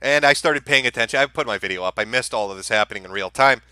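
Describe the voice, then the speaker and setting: A man's voice: medium pitch, fast, pushed and bright, clear, resonant tone, no echo. A man hosting a live-stream commentary, ranting in a heated, profane and sarcastic way. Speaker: streamer host.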